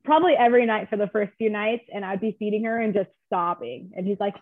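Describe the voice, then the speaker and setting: A woman's voice: mid-range voice, quick pace. Young mother on a tinny call line. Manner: candid, chatty, many "like" fillers. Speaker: guest, new mother. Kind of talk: casual interview chat. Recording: tinny phone-line sound.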